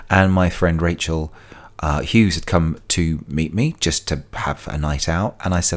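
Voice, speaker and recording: Man, extremely deep voice, solo podcast host, chatty, digressive storytelling. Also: moderate pace. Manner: chatty and digressive, wanders into sidebars.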